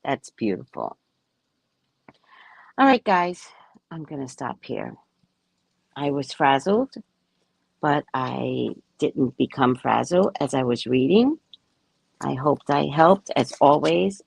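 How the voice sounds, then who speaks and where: A woman's voice: extremely low pitch, expressive, slow, creaky, pauses often, darkish tone, slightly rough, no room sound. A woman psychic reader talking casually to her viewers, emphatic and self-assured. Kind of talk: casual spiritual talk to viewers.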